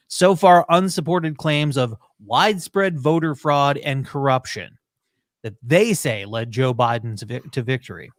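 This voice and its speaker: A man hosting a podcast in casual chat, animated and wry, swearing freely between asides. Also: fairly high pitch, dry recording, clean studio sound. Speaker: podcast host.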